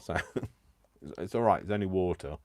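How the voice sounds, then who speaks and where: A man's voice: low-pitched, lively intonation, moderate pace, darkish tone. A man chatting casually through a live craft stream, giddy and rambling, teasing himself as he works. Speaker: crafting vlogger.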